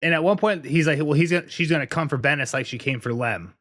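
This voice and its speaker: A man with a fairly high-pitched, fairly bright voice talks fast as a podcast co-host. He chats casually about a book, wandering into rambling asides and laughing frequently.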